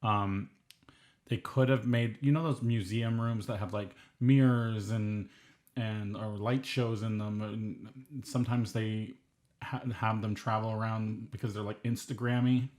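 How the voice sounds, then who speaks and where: A man's voice: lowish voice, steady tone, a little slow, darkish tone. A man co-hosting a podcast, chatting casually and earnestly arguing for what he likes. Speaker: podcast co-host. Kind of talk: casual chat.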